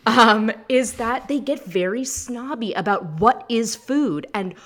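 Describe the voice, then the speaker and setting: A woman in her thirties chatting casually as a podcast guest, animated and rambling, laughing often. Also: on the high side, unhurried. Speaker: guest, food anthropologist and TV host.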